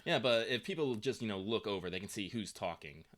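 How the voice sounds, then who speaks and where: A man chatting casually as a tabletop game player, animated and talkative. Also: lowish voice, a little fast. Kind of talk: casual chat.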